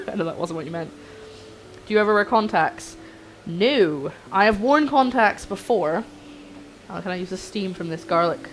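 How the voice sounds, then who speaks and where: A young woman chatting to her viewers while cooking on a livestream in her home kitchen, excitable and a little flustered. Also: medium pitch, poor audio. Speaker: streamer. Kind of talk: casual cooking livestream chat.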